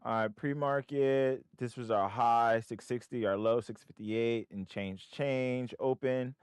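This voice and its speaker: A livestream trading host rambles casually as he thinks aloud from home, speaking at medium pitch in a steady, unhurried, clear and resonant way. He uses a desk microphone and headphones, and the audio is clean studio sound without room noise.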